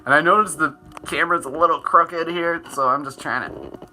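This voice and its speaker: A man's voice: a little high, normal speed, sharp tone. A man hosting a live morning meditation stream, guiding face exercises in a playful, upbeat way and laughing often. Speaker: host.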